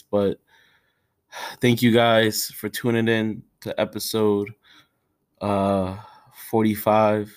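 A man's voice: fairly low pitch, little pitch movement, smooth. Tearful man hosting a podcast. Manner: halting and emotional, with sighs, restarts and street slang. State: tearful, has been crying. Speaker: podcast host. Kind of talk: casual solo podcast talk. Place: his own room.

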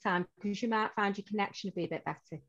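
A woman co-hosting a card reading from the UK, speaking in a gentle, reassuring way. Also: mid-range voice, quick pace, soft background music. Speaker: co-host card reader. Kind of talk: casual psychic reading chat. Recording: dull lo-fi call line.

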